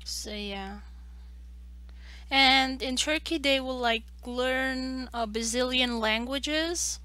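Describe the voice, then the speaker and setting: A woman's voice: high-pitched, slow, bright, forceful tone. A young woman from Romania, chatting casually and rambling with lots of fillers while she draws on a live stream. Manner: rambling, loose, full of "like" fillers and restarts. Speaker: artist streaming a live drawing session. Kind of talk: casual chat while drawing.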